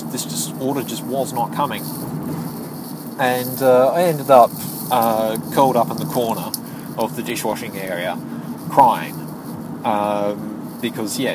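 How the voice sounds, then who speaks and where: Man vlogging from a moving car, fairly low voice, halting rambling delivery, clear road noise behind. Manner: rambling, halting, with frequent restarts. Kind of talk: casual storytelling while driving. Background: vehicle noise.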